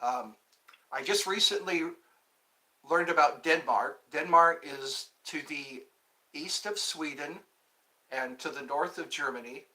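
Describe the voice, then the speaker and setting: A man's voice: on the high side, a little slow, sharp tone, poor audio. A man hosting a casual live stream, chatting in a rambling, self-interrupting way. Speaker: livestream host.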